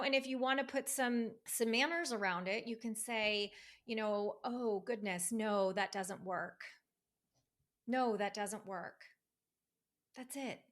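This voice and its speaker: A woman speaking as a divorce recovery coach in a casual podcast conversation, emphatic and animated, acting out quoted voices. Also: mid-range voice. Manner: emphatic, fired up.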